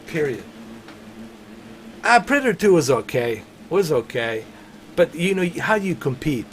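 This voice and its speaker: A man chatting casually during a game livestream, rambling and swearing, often breaking into laughter as he talks himself up into excited emphasis. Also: a little high, measured pace, slight background noise. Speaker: game streamer.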